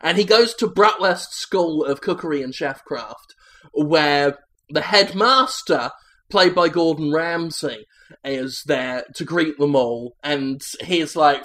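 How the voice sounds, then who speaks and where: A man rambling through an improvised deadpan comedy pitch meeting, hosting a comedy sketch. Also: slow pace.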